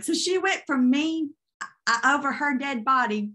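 A woman's voice: high-pitched, lively intonation, moderate pace, sharp tone. A woman minister giving an earnest testimony, retelling a dream vividly in a sermon. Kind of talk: sermon storytelling.

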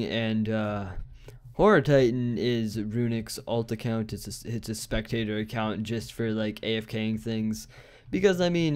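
A man's voice: mid-range voice, darkish tone, smooth. A man giving casual game commentary, rambling with many fillers and restarts. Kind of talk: casual let's-play commentary.

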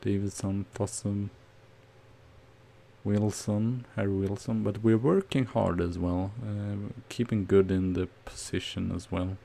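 Male streamer, unhurried gravelly delivery, nervous play-by-play of a football game. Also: on the low side. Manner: nervous, excitable play-by-play with outbursts. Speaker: gaming streamer. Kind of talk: casual game commentary.

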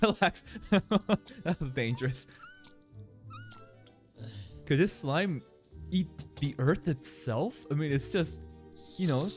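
A man's voice: fairly high pitch, expressive, slow pace, pauses often, soft background music. A man hosting an anime reaction, chatting casually with slang, jokes and frequent laughs. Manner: chatty, laughs often, playful slang and mock shouts.

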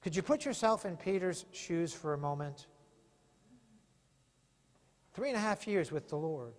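A man's voice: a little high, expressive, measured pace. A male pastor preaching an impassioned sermon full of rhetorical questions in a church sanctuary. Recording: long reverb of a church hall.

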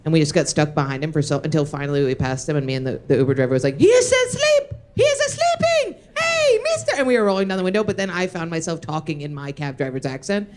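A woman's voice: low-pitched, a little mellow. A woman co-hosting a comedy podcast, teasing her partner and telling stories in casual banter. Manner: teasing, storytelling, quick to laugh.

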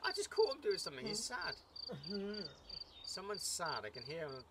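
Man, let's-play commentator, lively chatter, slightly high voice, noisy recording. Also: moderate pace. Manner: excitable, chattering, cheering the game on. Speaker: gaming YouTuber. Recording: loud background noise.

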